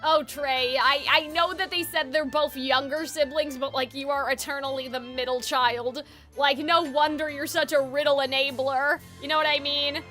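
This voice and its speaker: A woman streaming a game, chatting excitedly between reading the story aloud. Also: high voice, moderate pace, faint music behind. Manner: excitable and chatty, with bursts of enthusiasm. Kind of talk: casual live-stream commentary.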